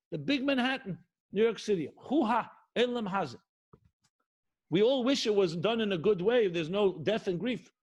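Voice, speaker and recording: A middle-aged man, a rabbi, giving an impassioned sermon with emphatic repetition and rhetorical questions. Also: sits high. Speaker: rabbi teaching Jewish spirituality.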